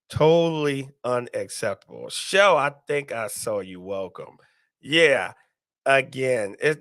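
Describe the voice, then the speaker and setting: Male live-stream host, bright gravelly voice, animated delivery, dry close sound. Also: fairly high pitch, no echo. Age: adult, parent. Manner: animated, repeats himself, reads viewer comments aloud. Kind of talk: casual live-stream commentary.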